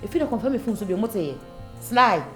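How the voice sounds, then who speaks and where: A woman's voice: mid-range voice, lively intonation, fast, fairly bright tone. A woman, scolding and complaining in a comic drama. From Ghana. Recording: echoey room with music.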